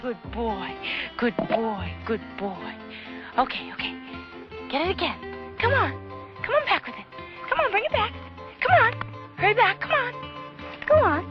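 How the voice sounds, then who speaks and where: A woman's voice: very high voice, big pitch swings, a little slow, long pauses, full character voice. An actress playing a sweet young blind woman who coos sing-song baby talk at a pet, from dull lo-fi film audio with music behind. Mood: cooing, playful. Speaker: film character.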